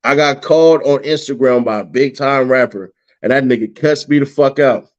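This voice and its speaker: A man telling a story in casual chat as a guest, cursing often and acting out what people said. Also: normal speed. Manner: profane, animated, acts out quotes in a higher voice. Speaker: guest, YouTuber. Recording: dull lo-fi sound.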